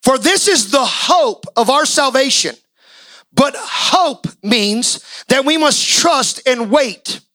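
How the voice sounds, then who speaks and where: A male pastor delivering an impassioned sermon, swinging from quiet talk to shouting. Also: very high voice, lively intonation, slow pace, no echo, rough recording.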